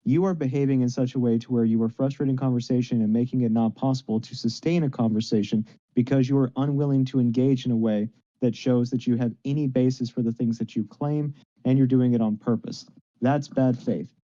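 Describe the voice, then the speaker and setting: Mellow-voiced man lecturing on a dull mic. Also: medium pitch, steady tone, a little fast. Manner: lecturing, scolding. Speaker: debate participant on voice chat. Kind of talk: heated online debate. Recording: dull lo-fi microphone.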